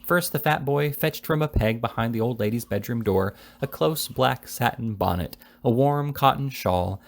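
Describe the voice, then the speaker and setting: A man's voice: mid-range voice, vocal fry. A man casually reading a classic novel aloud, with frequent small slips and restarts. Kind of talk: casual read-aloud narration.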